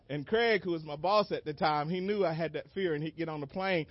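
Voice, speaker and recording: A man preaching a sermon as an animated story, acting out moments with sudden shouted cries and laughing along. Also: on the high side, moderate pace, dry recording. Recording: dull lo-fi dry recording.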